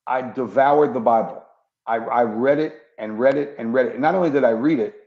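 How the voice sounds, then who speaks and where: A man with a gravelly, creaky voice tells his conversion story earnestly and steadily, a former cop who now preaches. He slips into the voices of the people he quotes. The sound is dull and echoey, as if picked up in a reverberant room. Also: medium pitch, darkish tone. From New York. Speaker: guest, former police officer turned preacher. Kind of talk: personal testimony in an interview.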